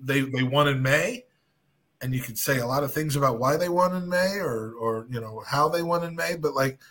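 A man with a mid-range voice talks excitably on a podcast. He cuts in, swears freely and pushes his points hard. The talk stays loose and casual. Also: medium pitch, moderate pace. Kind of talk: casual chat.

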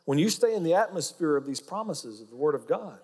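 A man's voice: on the high side, very animated, fairly quick, darkish tone, husky, in a large hall. A man with an Oklahoma accent preaching a sermon, folksy and joking as he teaches. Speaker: pastor.

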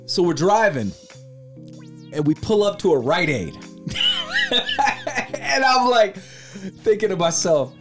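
Animated storytelling man. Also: high voice, slow pace, pauses often, faint music behind. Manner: animated, acts out quoted voices, swears casually. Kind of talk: casual chat, storytelling.

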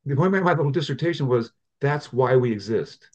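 A man's voice: medium pitch, expressive, fairly quick, highs cut off. An older man, a guest in an interview, telling long rambling stories about the app he built, with frequent restarts. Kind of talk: conversational interview storytelling.

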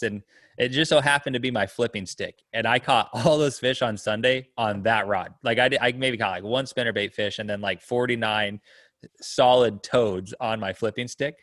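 A man telling a story in loose, casual conversation, full of fillers and asides. His voice is mid-pitched and plain, and it sounds dry and close with no room echo. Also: a bit bright. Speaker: storyteller guest. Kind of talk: casual chat.

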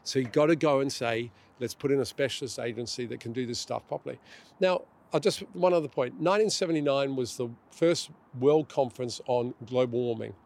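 A man's voice: medium pitch, fairly quick, creaky, a little mellow. A middle-aged man, a guest author in a conversational interview, talking emphatically and acting out quotes. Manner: emphatic, acts out quoted voices.

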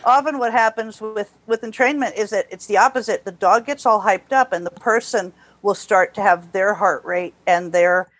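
A woman from New Jersey, a dog trainer, gives calm, explanatory interview answers over headphones on a remote call, often restarting her sentences. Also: medium pitch, normal speed, few pauses, no echo. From New Jersey, USA. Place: temporary room away from home.

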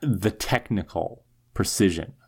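A man's voice: low-pitched, measured pace, creaky, darkish tone, breathy edge. A man co-hosting a podcast, recapping an episode in casual chat with wry, rambling asides. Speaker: podcast co-host.

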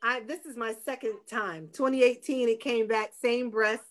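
Lively woman sharing her story. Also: fairly high pitch, normal speed, over a noisy crowd. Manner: animated storyteller, preaching faith. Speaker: guest, breast cancer advocate. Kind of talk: personal testimony in a talk show.

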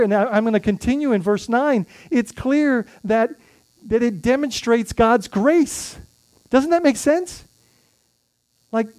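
A man's voice: sits high, darkish tone, dry recording. A male pastor preaching a sermon in a conversational way, often restarting phrases and adding tag questions.

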